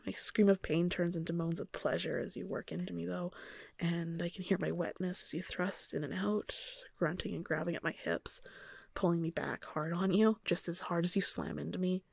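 A young woman narrating an intimate first-person story in a soft, hushed voice that often slips into a whisper, then chatting casually with many fillers. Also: lowish voice, steady tone, creaky, no echo. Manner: chatty and halting with fillers when speaking off-script.

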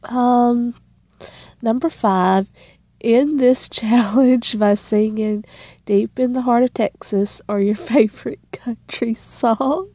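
A woman's voice: a little high, slow pace, warm tone, no echo. A young woman vlogging a casual question challenge, rambling and giggly as she answers. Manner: rambling, giggly, self-deprecating. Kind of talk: casual tag-challenge vlog.

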